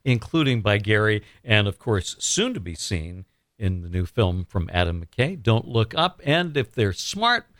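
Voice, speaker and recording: A man's voice: fairly low pitch, very animated, measured pace, fairly bright tone, no room sound, studio quality. A man hosting a radio interview, asking questions and bantering with jokes. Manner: jokey, bantering. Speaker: radio host.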